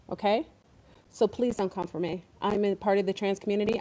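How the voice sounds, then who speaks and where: Woman host for a casual online talk stream; warm, darker voice, rambling and emphatic. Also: mid-range voice, normal speed. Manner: rambling, emphatic, many fillers.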